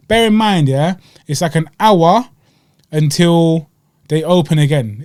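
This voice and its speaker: A young man with a London accent, co-hosting a podcast in casual chat and telling animated stories full of slang and acted-out quotes. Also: on the high side, measured pace, no echo, clean studio sound. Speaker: podcast co-host.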